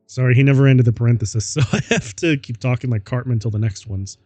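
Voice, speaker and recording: A man's voice: medium pitch, brisk, few pauses, warm tone, dry recording, faint music behind. A man streaming himself reading a story aloud, laughing at the text and adding mocking asides. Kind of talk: casual dramatic reading.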